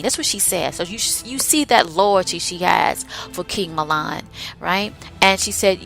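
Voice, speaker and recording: Woman host, casual recap chat, low-ish register, excitable and rambling, light music bed. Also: fairly quick, gravelly. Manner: rambling, enthusiastic, paraphrases scenes in her own words. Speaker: podcast host. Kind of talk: casual recap of her own audio stories.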